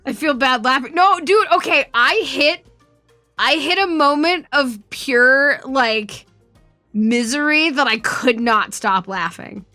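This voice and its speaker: A woman streamer chatting casually, telling a story in an animated, swearing way and laughing often. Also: sits high, slow pace, dry recording, faint music behind. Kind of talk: casual chat.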